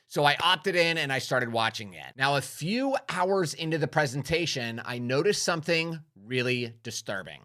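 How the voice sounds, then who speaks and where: A man's voice: mid-range voice, bright, forceful tone. A man speaking as a marketing coach in a direct business talk, emphatic and persuasive, often asking his audience questions.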